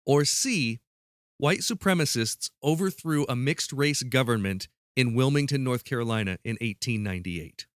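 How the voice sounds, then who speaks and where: A man hosts a casual podcast quiz, joking about the stakes and laughing easily. His voice sits in a middle pitch, and the recording is dry and close. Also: animated, no echo. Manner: playful, joking, quick to laugh. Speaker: podcast host running a quiz.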